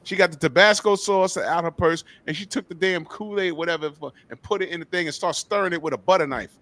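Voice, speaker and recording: A middle-aged man, hosting a podcast and telling a story in an animated, profane way. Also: high-pitched, fast talker, dry recording. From New York. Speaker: podcast host. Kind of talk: casual chat.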